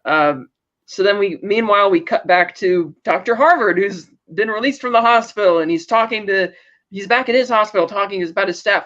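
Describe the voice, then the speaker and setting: A man with a fairly high voice talks through a show's plot in an easygoing, rambling way. He paraphrases the characters' lines and brushes past details with "blah, blah, blah." The audio is dull and slightly lo-fi. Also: brisk, a bit bright. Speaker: podcast co-host. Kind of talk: casual chat recapping a TV episode.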